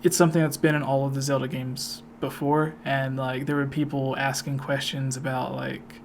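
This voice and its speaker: A man interviews a guest for his channel, his voice staying flat and level as he wanders through long, filler-filled questions. A faint hiss sits under the recording. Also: medium pitch, normal speed, gravelly. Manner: rambling, filler-heavy questions. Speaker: YouTube interviewer. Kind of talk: casual interview chat.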